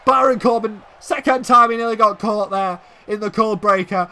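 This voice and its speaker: Excitable man calling wrestling play-by-play. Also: normal speed. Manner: swings from low murmurs to shouted exclamations. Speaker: fan commentator of a wrestling video game.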